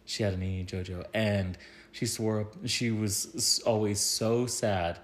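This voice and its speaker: A man co-hosting a casual podcast, a father and soccer coach, telling family stories in a relaxed way, with fillers and easy laughs. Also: fairly low pitch, unhurried. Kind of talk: casual chat, storytelling.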